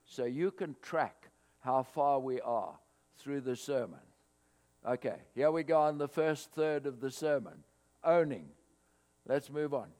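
A man preaching a sermon to his congregation, swelling louder on scripture quotes. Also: medium pitch, a little slow. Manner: expressive preaching, rising loud on scripture quotes. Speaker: pastor. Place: church hall, cold morning. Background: mains hum.

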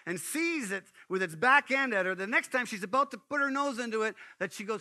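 Pastor guy preaching, tells stories, lots of asides, high bright voice. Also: fairly quick, few pauses. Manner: animated storytelling with asides. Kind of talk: sermon.

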